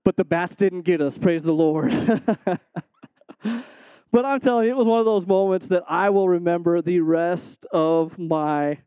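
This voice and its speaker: Man, high-pitched, preaching, earnest, animated storyteller, dry sound. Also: measured pace, clear, resonant tone, no echo. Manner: earnest, animated storyteller who acts out quotes. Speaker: missionary speaking to a supporting church. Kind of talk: sermon with a personal story.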